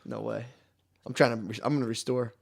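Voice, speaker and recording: A man's voice: medium pitch, fairly even intonation, a little fast, creaky. A young man co-hosting a podcast, telling rambling stories in casual chat, laughing often and swearing heavily. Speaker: podcast co-host.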